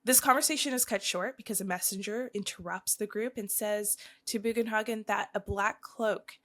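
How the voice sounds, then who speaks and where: A woman's voice: medium pitch, steady tone, normal speed, fairly bright tone. A woman co-hosting a podcast, giving a chatty, rambling recap full of fillers. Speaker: podcast co-host.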